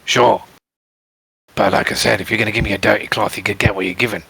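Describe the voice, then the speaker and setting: A man answers in character with dry, cheeky retorts. His lowish voice is very husky and heavily gravelly, recorded close and dry. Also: steady tone, fast talker, sharp tone, no room sound. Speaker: player. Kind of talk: in-character tabletop play.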